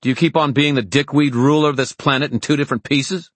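A man's voice: medium pitch, fairly even intonation, fast talker, a little mellow, husky, no echo, pitched above the performer's own voice, close to an everyday voice. A man reading an audiobook, voicing a fierce, defiant young woman warrior who taunts her enemy. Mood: taunting. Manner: taunting, bold.

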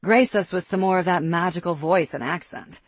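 A woman's voice: on the low side, moderate pace, slightly rough, no echo, pitched above the performer's own voice. A narrator voicing a sassy, blunt young woman with a sarcastic edge.

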